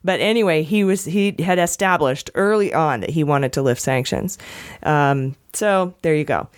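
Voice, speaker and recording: A woman's voice: deep voice, moderate pace. A woman hosting a casual news podcast, wry and often laughing as she talks. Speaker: podcast host.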